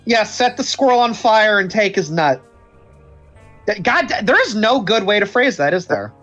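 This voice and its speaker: A person casually chatting and joking over a game stream, animated and prone to mock-dramatic rants. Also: medium pitch, normal speed, highs cut off, soft background music.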